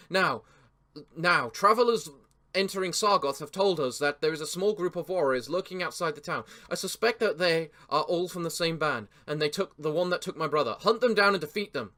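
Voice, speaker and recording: A man voicing a worried male merchant who gives orders in a brisk, formal way. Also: fairly high pitch, fairly bright tone.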